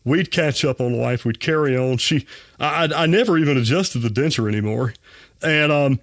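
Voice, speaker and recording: A man's voice: medium pitch, moderate pace, dry recording, clean studio sound. A man, a dentist telling a personal story as a guest on a podcast, folksy and earnest. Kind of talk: personal anecdote in a podcast interview.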